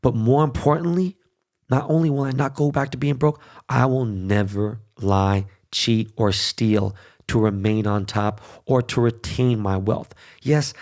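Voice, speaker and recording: A man's voice: medium pitch, steady tone, normal speed, a little mellow. A middle-aged man hosting a podcast, telling a casual story in a profane, emphatic, conversational way. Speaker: podcast host.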